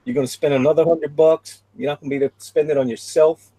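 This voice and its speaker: Gravelly husky man, enthusing over art. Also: on the high side, steady tone, fast, warm tone, dry recording, rough recording. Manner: enthusiastic, talks up the artwork. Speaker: bidder on an online art auction. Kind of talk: casual livestream chat.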